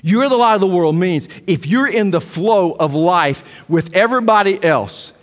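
A man preaching a sermon as pastor, impassioned, swinging between loud emphasis and hushed asides. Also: high-pitched, expressive, normal speed. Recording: long hall reverb.

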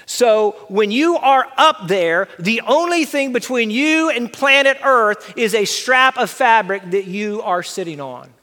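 Bright-voiced middle-aged man telling a story. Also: extremely high pitch, measured pace, hardly any pauses. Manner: animated, self-deprecating storyteller. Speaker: speaker telling a personal story. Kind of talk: storytelling talk with slides. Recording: long hall reverb.

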